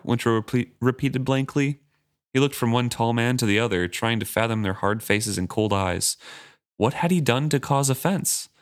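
A man co-hosting a casual book podcast, reading passages aloud and paraphrasing them in a relaxed way. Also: fairly low pitch. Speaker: podcast co-host.

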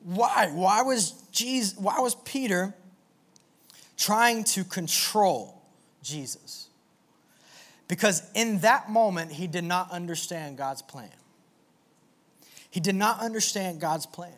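A man preaching a sermon to a live audience in an animated, energetic way, with call-and-response. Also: high-pitched, takes it slowly, pauses often. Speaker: pastor.

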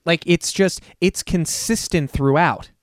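A man casually discussing a movie as a podcast co-host, chatty and animated with frequent fillers. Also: a little high, a little slow, dry recording, clean studio sound.

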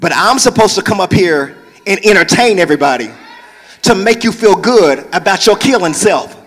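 High bright voiced pastor man preaching, big church echo. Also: expressive, moderate pace. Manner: preaching, shifts into hollering whoops. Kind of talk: sermon. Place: large church.

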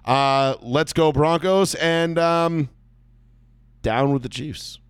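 A man's voice: fairly high pitch, slow pace, clear, resonant tone, no echo. A man hosting a sports podcast, joking around in casual, profane banter with his co-host.

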